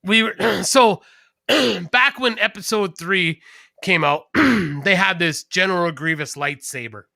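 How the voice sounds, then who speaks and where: A man with a high, very bright voice chats casually on a podcast. He rambles through anecdotes, clearing his throat as he goes. The recording is close and dry. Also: slow, no room sound. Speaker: podcast co-host. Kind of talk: casual chat.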